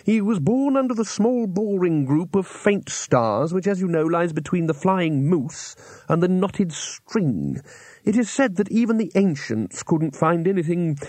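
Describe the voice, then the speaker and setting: A man voicing a fussy, nervous male astrologer in an audiobook, speaking slowly and hesitantly with a raised, breathy voice. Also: high voice, expressive, darkish tone, dry recording, pitched above the performer's own voice. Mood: pedantic. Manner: slow, hesitant and rambling. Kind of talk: audiobook character voice.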